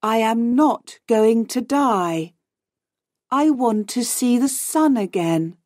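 A woman voicing a frightened but determined young woman, read slowly and clearly. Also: a little high, lively intonation, darkish tone, dry recording, clean studio sound. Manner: slow, clear reading.

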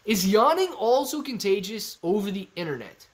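A young man chatting through a live stream, reading comments out in a loose, playful way. His voice sits fairly high for a man, and he jumps between loud outbursts and quieter asides. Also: normal speed. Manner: animated, goofy, jumps between shouting and mumbling. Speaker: stock livestream host.

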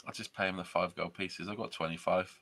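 A man playing along in a gamebook session, cracking quick jokes. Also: low voice, steady tone, creaky, fairly bright tone. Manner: jokey, quick quips. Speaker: player. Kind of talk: casual play chat.

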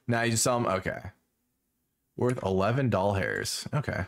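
A man's voice: fairly low pitch, very animated, moderate pace, creaky. A tired man chatting casually to his stream while playing a fishing game, yawning and making puns. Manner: sleepy, yawning, punning to himself. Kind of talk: casual gameplay commentary.

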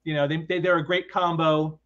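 High-voiced man on dull lo-fi audio. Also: level tone, fairly quick, fairly bright tone. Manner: chatty storyteller, trivia-sharing, stumbling over words. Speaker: co-host. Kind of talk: casual chat.

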